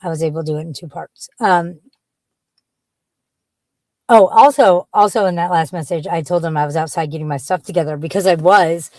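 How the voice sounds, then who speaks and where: A woman's voice: lowish voice, moderate pace, a little mellow, no room sound. A woman chatting casually from inside her car, rambling bluntly and swearing freely. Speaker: vlogger. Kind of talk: casual chat.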